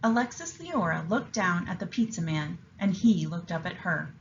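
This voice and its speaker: A woman teacher reading a picture book aloud with an expressive, enthusiastic delivery and explaining a writing lesson to young students. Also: fairly low pitch, normal speed, highs cut off, a little hiss or hum.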